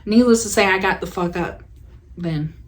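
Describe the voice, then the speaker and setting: A woman's voice: mid-range voice, moderate pace. A young woman co-hosting a podcast, telling a childhood story in casual chat, teasing her co-host and laughing along. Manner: teasing, sarcastic, laughs often.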